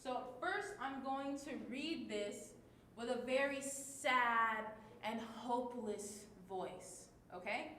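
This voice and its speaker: Woman teacher talking to kids, high voice, slow and patient, echoey room with a little hiss. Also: pushed and bright. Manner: clear, patient teacher talk with many check-ins. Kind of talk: children's lesson video. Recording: echoey room with faint noise.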